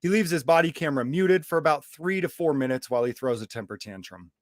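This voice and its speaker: A man's voice: fairly high pitch, animated, quick pace, heavy background noise. A man giving sarcastic, critical voice-over commentary on video footage.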